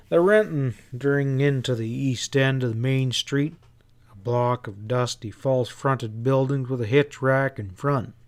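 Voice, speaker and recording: A man narrating a western novel as an audiobook, telling the story in a measured, even way. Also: medium pitch.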